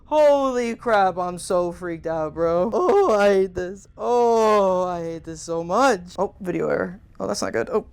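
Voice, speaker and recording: A woman's voice: lowish voice, unhurried, vocal fry, hardly any pauses, smooth. A woman hosting a gaming channel, reacting live to a horror game in casual slang, with frequent frightened exclamations and outbursts. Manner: talks to chat, casual slang.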